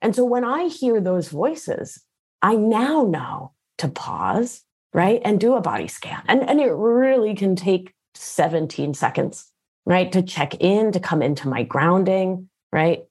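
A middle-aged woman speaking as a guest coach in a casual interview. She is animated and slangy, and often tags her sentences with "right?". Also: mid-range voice, measured pace, slightly rough.

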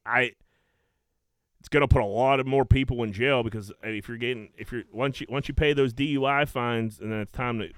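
A young man hosting a casual chat, telling stories in an animated way and swearing a lot. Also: mid-range voice, fairly quick, clear, resonant tone, no room sound. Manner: animated storytelling, heavy swearing and "dude".

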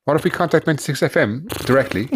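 A man's voice: on the high side, lively intonation, rapid-fire, a little hiss or hum. An Irish man co-hosting a casual podcast, teasing and sweary. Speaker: podcast co-host. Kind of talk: casual chat.

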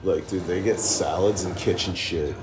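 Rambling young podcast host, high, low-voiced, cursing and laughing, noisy amateur recording. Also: male voice, fairly even intonation, moderate pace. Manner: rambling, profane, giggly stoner talk. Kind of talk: casual podcast chat.

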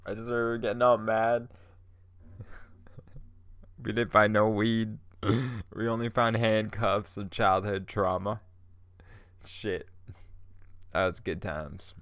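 A man's voice: fairly low pitch, fairly even intonation, slow pace, pauses often, a bit bright, clear, resonant tone, dry recording, studio quality. A man hosting a podcast alone, stoned, rambling in a laid-back, profane way and laughing often. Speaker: podcast host.

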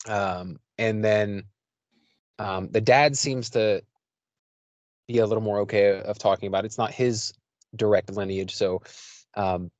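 A man's voice: lowish voice, fairly even intonation, measured pace, long pauses, no echo. A man from the United States hosting a podcast, recapping an episode in a loose, rambling way with lots of fillers. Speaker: podcast host. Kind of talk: casual chat.

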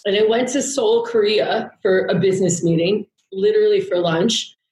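A woman's voice: medium pitch, normal speed, a little mellow, reverberant, poor audio. A woman guest telling a long personal story in a candid, rambling way, swearing freely. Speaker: podcast guest. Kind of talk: casual storytelling chat.

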